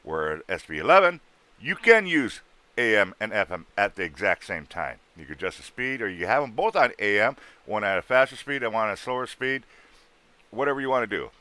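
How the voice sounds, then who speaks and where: Blunt lively man selling gear on stream. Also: lowish voice, a little fast, no room sound. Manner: rough-spoken, blunt, salesman patter with sound-effect noises. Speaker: livestream host selling ghost hunting gear. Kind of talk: casual livestream sales chat.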